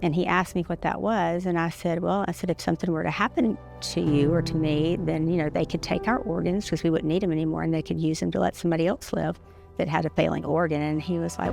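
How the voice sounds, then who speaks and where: A middle-aged woman speaks low and in a flat, even tone with a gravelly edge. She tells her story haltingly, stopping and restarting often. Guitar music plays clearly beneath her voice. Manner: halting, many pauses and restarts. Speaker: interview guest. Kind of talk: personal story in an interview. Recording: music playing underneath.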